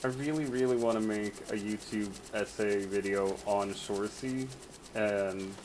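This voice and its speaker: Brief: male streamer, crude joker, unhurried delivery, noisy background hum. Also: on the low side, a little mellow. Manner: crude, teasing, laughs often. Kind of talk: casual chat while gaming.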